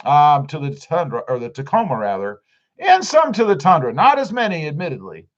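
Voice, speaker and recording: A man's voice: fairly high pitch, wildly swooping pitch, brisk, muffled recording. A man hosting a casual livestream, reading out viewer comments and answering each one. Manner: reads viewer comments aloud and answers them. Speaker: livestream host reading chat.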